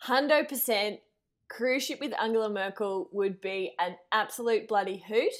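A woman's voice: mid-range voice, normal speed. A woman co-hosting a comedy podcast, enthusiastic and emphatic in slangy casual chat. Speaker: podcast co-host.

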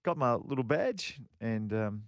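A middle-aged former pro golfer co-hosting a radio chat tells long, rambling stories full of repeats and fillers. His medium-pitched voice is animated and a little slow, recorded with studio quality and no room sound.

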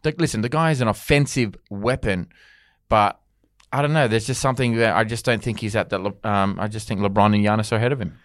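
A man's voice: lowish voice, fast, no room sound, clean studio sound. Easygoing male sports podcast host. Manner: easygoing, laughs along, runs the quiz. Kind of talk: casual chat.

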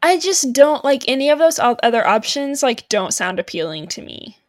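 A young woman co-hosting a podcast in casual chat, chatty and quick to laugh, with many fillers. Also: high-pitched, very animated, no echo, studio quality. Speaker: podcast co-host.

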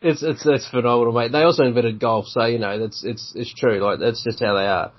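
An Australian man hosting a casual sports podcast, enthusiastic and quick to laugh, with blokey slang. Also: medium pitch, steady tone. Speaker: podcast host. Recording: dull lo-fi podcast audio.

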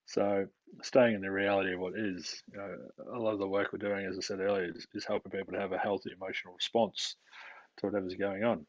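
A man, a mental health practitioner explaining his work in a calm, steady way during a podcast interview. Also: sits low, fast talker, no room sound. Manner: calm, explanatory, with light laughs. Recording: dry, dull lo-fi recording.

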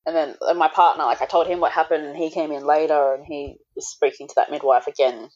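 A woman with a low voice tells her birth story as a podcast guest, in candid, run-on sentences packed with "like". The audio is dull and lo-fi. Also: fairly even intonation, fast talker, a little mellow. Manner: candid, full of "like", swears now and then. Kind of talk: recounting a personal birth story.

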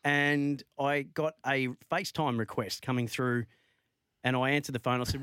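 A man's voice: medium pitch, fairly even intonation, normal speed, fairly bright tone, clear, resonant tone, no room sound. A man with an Australian accent, hosting a casual sports radio chat in a studio and teasing his co-hosts. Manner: playful, teasing, storytelling. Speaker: radio host. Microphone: studio microphone.

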